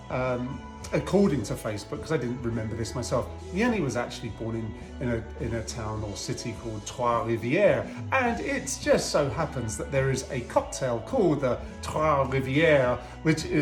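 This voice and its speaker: Chatty man mixing drinks in a roomy space. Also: a little high. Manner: chatty, rambling, joking asides to a friend. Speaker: home cocktail video host. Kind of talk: casual cocktail-making demo. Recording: roomy echo, faint music.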